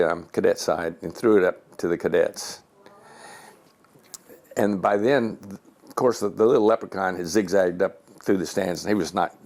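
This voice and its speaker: A man's voice: low voice, vocal fry. A man in his seventies, a retired Air Force general, telling personal stories in his home and acting out the voices in them. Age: 70s. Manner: animated storyteller who acts out quoted voices.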